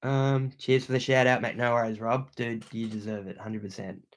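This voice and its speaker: A man's voice: mid-range voice, flat delivery, moderate pace. A young Australian man hosting a livestream from a room at home, reading viewer comments aloud and thanking them in laid-back slang. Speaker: outdoor channel host.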